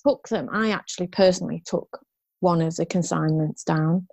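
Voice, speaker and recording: A woman's voice: fairly low pitch, normal speed, vocal fry, a little mellow, dry recording. A woman in her fifties, a guest in an interview, telling her story frankly and ramblingly, with restarts and rueful laughs.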